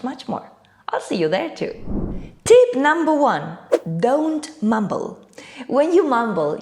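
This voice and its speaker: A woman teacher presenting a scripted English lesson, her pitch sitting a little high. Her voice rises and falls in a very animated way. She puts clear emphasis on key words.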